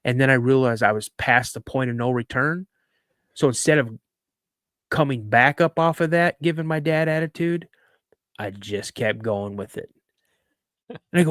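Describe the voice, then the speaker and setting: A middle-aged man telling a childhood story as a podcast guest, acting out the shouting between himself and his father. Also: mid-range voice, normal speed, dry recording, studio quality. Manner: acts out dialogue with raised voice. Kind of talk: animated storytelling.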